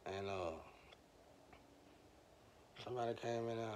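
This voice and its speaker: A man with a very deep, gravelly voice rambles through a casual monologue aimed at his viewers. He talks in loose slang, drifting from one story to the next. A faint hiss of noise sits behind him. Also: fairly even intonation, slow pace, long pauses.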